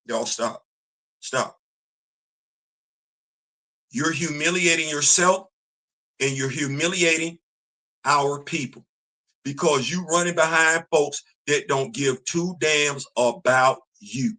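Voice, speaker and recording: Bright, scolding man with a high voice. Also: a little slow. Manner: preachy, repetitive, scolding. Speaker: video commentator. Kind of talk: casual opinion rant to camera.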